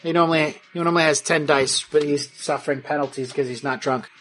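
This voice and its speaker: A man's voice: on the high side, fairly even intonation, fast talker, a bit bright, soft background music. A man narrating a tabletop game as game master, in a crude, vivid way.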